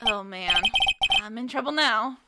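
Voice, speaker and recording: A woman's voice: a little high, animated, unhurried, heavy background noise, pitched below the performer's own voice. Woman doing a bumbling burly cop. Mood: sheepish. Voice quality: loud, blustery. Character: bumbling burly male police detective.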